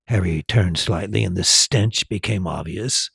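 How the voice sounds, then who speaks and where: Slow gravelly male storyteller. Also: low-pitched, a bit bright, dry recording, clean studio sound. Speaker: storyteller and tour guide. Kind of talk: storybook narration.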